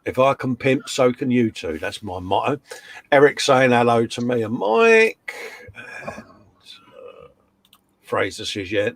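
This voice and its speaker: A man's voice: fairly low pitch, vocal fry. A man co-hosting a casual live stream, reading out viewer comments with jokey, matey banter. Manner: jokey, matey banter, calls everyone mate and fella. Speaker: co-host of a live modelling chat stream.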